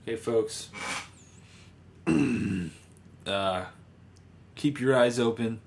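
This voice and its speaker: A man's voice: mid-range voice, extremely slow. A man co-hosting a podcast, chatting casually with laid-back, sparse remarks in an echoey room. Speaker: podcast co-host. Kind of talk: casual chat. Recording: roomy echo, faint noise.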